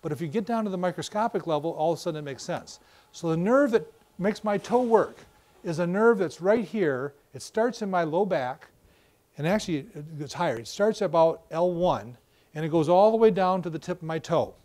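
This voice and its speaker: An older man giving a professional lecture on a wireless mic, explaining with animated stories and acted-out examples. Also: a little high, fairly quick. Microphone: battery-powered wireless mic.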